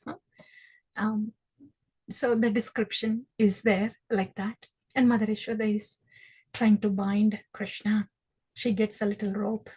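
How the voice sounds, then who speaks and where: Woman teaching a scripture class, husky voice, kinda high, really animated storytelling. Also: low-quality recording.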